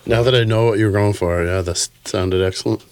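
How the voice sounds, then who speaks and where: A man's voice: on the low side, fairly even intonation, quick pace, a little mellow, a little hiss or hum. A man co-hosting a music stream, teasing his partner in casual banter and laughing often.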